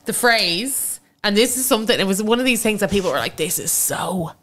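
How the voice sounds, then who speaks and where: A woman's voice: medium pitch, fast, fairly bright tone. A young Irish woman co-hosting a podcast in casual chat, giggly and swearing freely. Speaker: podcast co-host.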